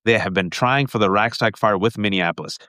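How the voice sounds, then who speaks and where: A middle-aged man with a New York accent hosting a live political commentary stream, talking rapid-fire and emphatic, calling his viewers folks. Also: lowish voice, sharp tone, no echo, clean studio sound. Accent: New Yorker. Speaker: political commentator and show host.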